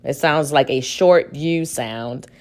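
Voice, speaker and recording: Slow, patient woman teaching a reading lesson. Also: sits low. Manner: slow, patient, models sounds aloud. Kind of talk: recorded reading lesson for children. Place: at home.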